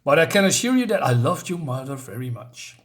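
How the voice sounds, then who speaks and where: A man reading aloud the lines of a smug, manipulative male cat from a comic, in a fairly high voice. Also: very animated, fairly quick.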